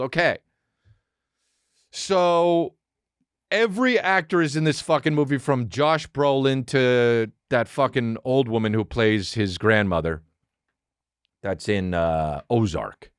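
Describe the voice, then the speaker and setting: A male podcast host rambles through a comic riff, excitable and profane, slipping into quick acted asides. His voice sits at an ordinary middle pitch. The sound is dry and close, with no room echo. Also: smooth. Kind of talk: comedic rambling monologue.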